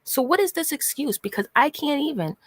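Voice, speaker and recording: A woman's voice: sits high, expressive, fairly quick, no room sound. Sarcastic exasperated woman vlogger. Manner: repeatedly addresses someone by name. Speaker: commentary vlogger. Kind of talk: casual commentary rant.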